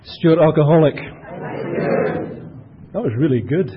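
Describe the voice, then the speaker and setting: A man's voice: a little high, expressive, measured pace, crowd noise, noisy background. A middle-aged man with a Scottish accent giving a personal testimony at a recovery meeting, chatty and self-deprecating with many fillers. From Scotland. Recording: dull lo-fi recording.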